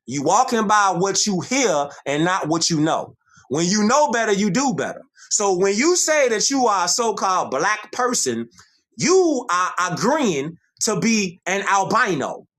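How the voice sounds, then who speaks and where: A man's voice: high voice, sing-song, unhurried, fairly bright tone. A man hosting a livestream, lecturing in a preachy way, repeating his points and reading passages aloud from a screen. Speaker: livestream host. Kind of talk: livestream monologue lecturing on history.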